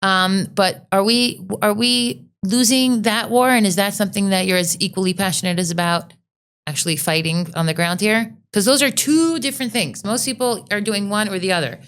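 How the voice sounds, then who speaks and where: A woman hosting an interview, from the United States, asking quick, enthusiastic questions. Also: mid-range voice, fairly bright tone, clean tone. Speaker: host. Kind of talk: interview conversation.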